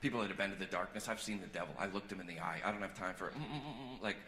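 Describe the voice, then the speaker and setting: A male stand-up comedian on stage, telling personal stories, going from earnest confession to loud joking. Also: low-pitched, fairly even intonation, racing, heavy background noise. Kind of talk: stand-up set. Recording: echoey hall with loud crowd. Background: audience laughter.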